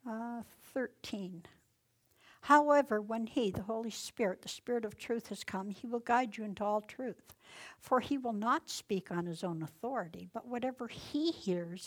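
A woman's voice: a little high, normal speed. A woman leading an informal Bible study, reading verses aloud with strong emphasis and commenting in a casual, folksy way, often dropping to a near whisper. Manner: reads verses aloud with loud emphasis, then drops to soft, near-whispered asides; conversational and folksy, with rhetorical questions.

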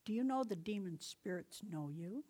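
A middle-aged woman leads a relaxed Bible teaching, mixing scripture with stories from her own life. She talks in a chatty, easygoing way at a middle pitch, laughs often, and turns suddenly loud and firm when she gives commands. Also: normal speed. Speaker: Bible teacher and deliverance minister.

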